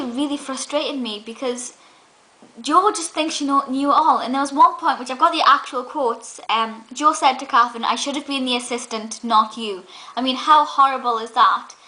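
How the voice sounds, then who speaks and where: A woman's voice: high voice, moderate pace, sharp tone, poor audio. A woman giving a casual review vlog, giggly and gushing, with lots of ums. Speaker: film reviewer and vlogger.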